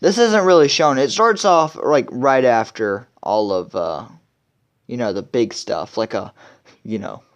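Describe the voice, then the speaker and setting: A man's voice: mid-range voice, measured pace. A young man hosting a video and recapping a comic chapter in a rambling, filler-heavy casual way. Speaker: video host.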